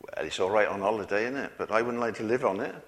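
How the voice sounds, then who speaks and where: A man's voice: fairly low pitch, quick pace. A man preaching a sermon in a folksy way, chuckling often and asking the congregation questions. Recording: long hall reverb.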